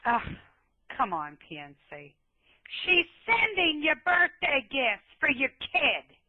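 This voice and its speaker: A woman's voice: high-pitched, wildly swooping pitch, slow pace, dry recording. Confrontational lady in a voice chat, swears a lot, tinny phone sound, dry close sound. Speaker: chat room participant. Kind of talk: heated voice chat. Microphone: computer mic in voice chat room.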